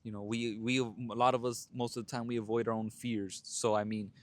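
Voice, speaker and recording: A man's voice: mid-range voice, level tone, fairly quick. A young man hosting his own show, telling a dating story in a blunt, profane, casual monologue. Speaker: podcast host.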